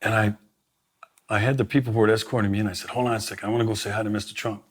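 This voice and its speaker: A middle-aged man with a lowish voice spins a long anecdote in a conversation. He is emphatic and keeps restarting his sentences while he finds the words. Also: flat delivery, very fast, husky. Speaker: sheriff, guest. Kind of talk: storytelling in a conversation.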